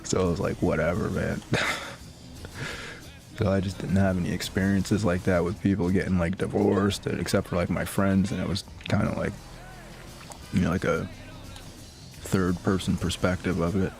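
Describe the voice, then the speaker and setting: A man's voice: low voice, little pitch movement, moderate pace, vocal fry, long pauses, darkish tone, soft background music. A man streaming a game and telling stories in a loose, rambling way, full of filler words and laughs. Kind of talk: casual storytelling chat.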